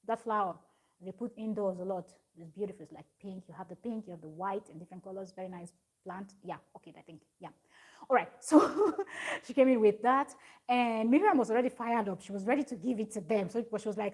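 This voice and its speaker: A woman talks through a reality show episode in a loose, casual recap. She rambles and restarts often, tosses in "um" and "like", and her voice sits at an ordinary middle pitch for a woman. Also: a little fast, darkish tone. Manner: rambling, many fillers and restarts, reads viewer comments. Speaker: recap vlogger.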